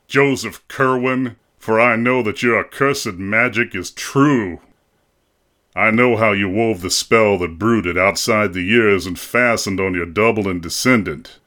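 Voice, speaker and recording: A man voicing a grave, implacable older doctor in an audiobook, speaking slowly and solemnly. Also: fairly low pitch, sharp tone. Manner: slow, solemn and measured, accusing. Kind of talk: audiobook character reading.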